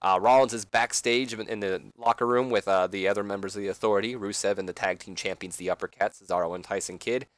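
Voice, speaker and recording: A man's voice: fairly low pitch, steady tone, fast talker, hardly any pauses, no room sound. A man doing casual game commentary, rambling with fillers and side remarks. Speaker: let's play commentator.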